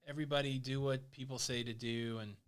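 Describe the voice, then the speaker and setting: A man's voice: mid-range voice, steady tone, fairly quick, clear, resonant tone. A man hosting a casual live stream, joking, teasing and reading out viewer comments.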